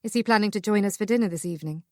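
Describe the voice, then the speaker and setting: A woman voicing a proper, practical married older sister who speaks briskly, in an audiobook. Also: mid-range voice, mellow, dry recording, clean studio sound, natural voice. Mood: polite.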